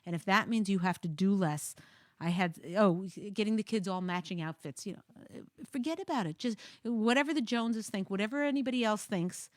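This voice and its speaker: A woman's voice: mid-range voice, brisk, no echo, studio quality. A woman hosting a talk show, giving marriage advice in a jokey, thinking-aloud way with many restarts.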